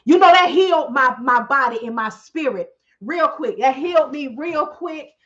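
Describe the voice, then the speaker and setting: A middle-aged woman telling a story casually on her livestream, chatty and animated, calling out questions to her viewers. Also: high voice, normal speed. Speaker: livestream host. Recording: dull lo-fi stream audio.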